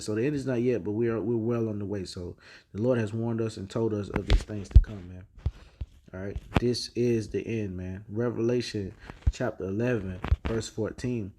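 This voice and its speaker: A man's voice: lowish voice, steady tone, normal speed, noisy background. A man gives a loose, rambling commentary on the news, full of slang and fillers. He stops often to restart his sentences. Now and then he reads headlines and scripture aloud. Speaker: religious video host.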